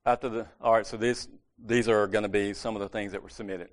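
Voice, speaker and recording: A man's voice: on the low side, fairly even intonation, quick pace. A man giving a casual, conversational sermon at a church meeting, correcting himself and joking lightly as he goes.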